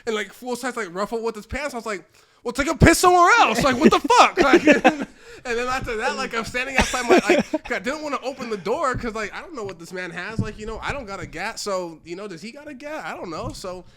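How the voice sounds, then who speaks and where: A young man co-hosting a podcast, telling stories in an animated way and laughing often. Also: very high voice, a little fast, a crowd in the background. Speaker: podcast co-host. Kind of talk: casual chat, storytelling.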